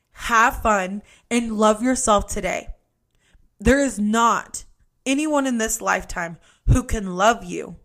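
Blunt, fiery woman podcaster, fairly high voice. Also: a bit bright. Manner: blunt, emphatic, swears freely. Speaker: podcast host. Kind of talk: heartfelt motivational monologue.

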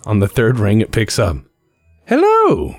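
A man's voice: deep voice, lively intonation, moderate pace, gravelly, a little mellow, husky, no room sound, studio quality, faint music behind. A man narrating scenes as the game master of a tabletop game, descriptive and laughing easily.

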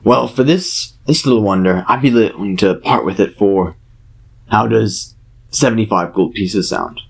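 A man's voice: fairly low pitch, normal speed, creaky, breathy edge. A man doing a burly Australian-sounding dwarf smith. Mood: salesy. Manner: wheedling merchant patter. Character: burly male dwarf blacksmith, salesy and cheerful.

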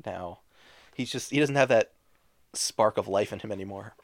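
A man's voice: on the low side, moderate pace, no room sound. A man co-hosting a podcast, cracking dry jokes and asking the others questions. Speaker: podcast co-host. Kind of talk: casual chat.

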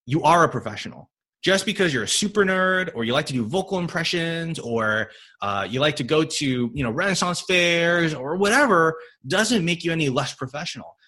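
Forceful husky man with a non-native lilt. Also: on the high side. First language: not English. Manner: animated, many fillers and restarts, quick to laugh. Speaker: physical therapist guest. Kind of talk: casual podcast chat.

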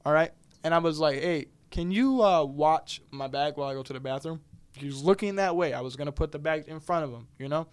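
A man's voice: a little high, fairly quick, clean tone, no echo. A young man from the United States, a podcast guest telling a long travel story in casual chat, laid-back, swearing freely and laughing often.

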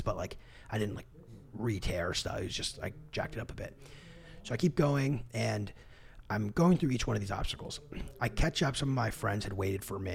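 A man co-hosting a podcast, telling a story in a casual, animated, self-deprecating way and laughing often. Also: on the low side, gravelly. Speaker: podcast co-host. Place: podcast studio.

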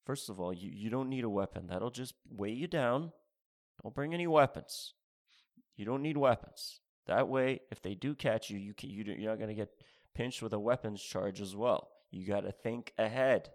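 A man's voice: fairly low pitch, normal speed. A man doing a rambling, sarcastic stand-up routine, spelling out mock instructions and repeating his phrases. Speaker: stand-up comedian.

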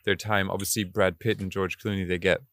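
English podcast guy, lowish voice, lots of ums, dry sound. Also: little pitch movement, a little fast, a bit bright, no room sound. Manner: hesitant, filler-heavy. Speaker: podcast co-host. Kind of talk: casual film-discussion podcast chat.

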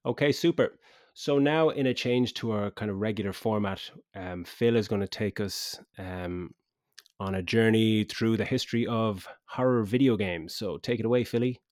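A man's voice: lowish voice, normal speed, darkish tone, dry recording, clean studio sound. A man hosting a podcast, chatting casually, laughing often and swearing easily. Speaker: podcast host. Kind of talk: casual chat.

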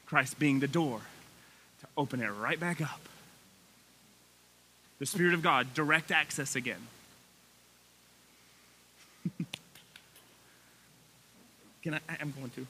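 A man in his thirties preaching a sermon in a church sanctuary, folksy and animated, his excitement building as he talks. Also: a little high, slow pace, pauses often, a little hiss or hum. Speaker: pastor.

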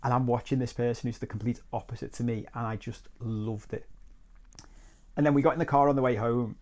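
A man's voice: medium pitch, steady tone, a little fast, a little mellow. Bloke coaching on his podcast, chatty and reflective, swears now and then. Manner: conversational, reflective, with crude asides. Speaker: life coach and podcast host. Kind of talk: solo podcast storytelling.

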